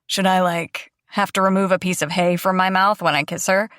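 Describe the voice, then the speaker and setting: A woman's voice: fairly low pitch, steady tone, moderate pace, a bit bright, clean tone, no room sound, studio quality, close to an everyday voice. A woman voicing a sarcastic, joking teenage boy in an audiobook. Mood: mocking. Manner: mock-serious, sarcastic. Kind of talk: audiobook narration.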